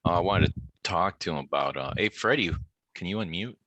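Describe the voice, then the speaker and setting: A man hosting a group video call, chatting in a relaxed way and laughing as he retells a story. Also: low-pitched, a little fast, dry recording. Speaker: host of an online practice group. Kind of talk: casual video-call chat.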